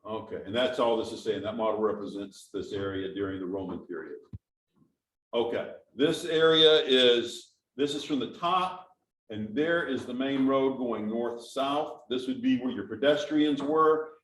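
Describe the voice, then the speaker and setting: A man's voice: mid-range voice, a little slow, a bit bright, slight background noise. A man giving an informal, conversational talk to a church audience, explaining as he goes and asking the listeners questions. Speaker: church speaker. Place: church sanctuary. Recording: echoey hall from a distance.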